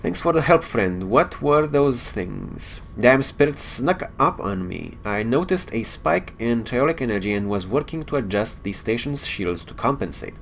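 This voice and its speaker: Friendly, worried starship engineer read aloud by a man, pitched higher than his own voice, no accent. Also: lively intonation, normal speed, gravelly, few pauses, a little hiss or hum. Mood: earnest. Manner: reads game dialogue aloud in a raised plain voice, no accent.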